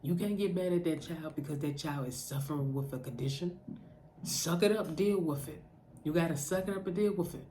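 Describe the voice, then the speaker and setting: Woman preaching in a mellow voice. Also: sits low, fairly quick, slight background noise. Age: adult mother. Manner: preaching directly to the listener, repetitive urging. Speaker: faith vlogger giving encouragement. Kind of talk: impassioned spoken exhortation.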